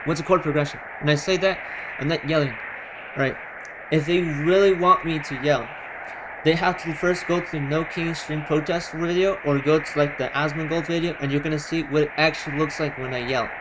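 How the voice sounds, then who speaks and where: A man chatting to his viewers during a live game stream. His voice sits a little high and carries loudly, as if pitched to reach a crowd. He talks emphatically and says things twice to drive them home, with a faint hiss of noise behind him. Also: steady tone, normal speed. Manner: loud, emphatic projecting voice, repeats himself. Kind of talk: casual live-stream talk while gaming.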